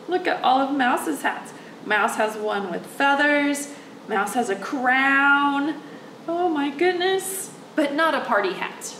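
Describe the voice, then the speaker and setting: Animated high-voiced librarian woman at storytime. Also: takes it slowly, roomy sound, far from the mic, slight background noise, rough recording. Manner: animated, coaxing, speaks directly to the kids. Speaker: children's librarian. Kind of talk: reading a picture book aloud to young children.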